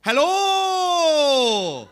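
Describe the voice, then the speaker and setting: A man voicing a cheery stranger whose accent blends Welsh, Indian and Geordie. He introduces himself loudly and slowly, in a sing-song way. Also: extremely high pitch, sing-song, voice pushed up, heavily acted. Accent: mixed Welsh, Indian and Geordie.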